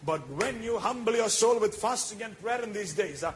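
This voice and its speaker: A man's voice: high voice, animated, normal speed, low-quality recording. A man preaching a sermon as pastor, mixing in Malayalam and building to emphatic peaks. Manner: switches between English and Malayalam, rising to emphatic peaks.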